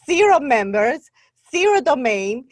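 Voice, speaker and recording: A Guatemalan woman, a native Spanish speaker with a Guatemalan Spanish accent, appears as a guest on a casual podcast interview. She owns a membership site and speaks earnestly from the heart in a high, very animated voice, a little slowly. There's no echo.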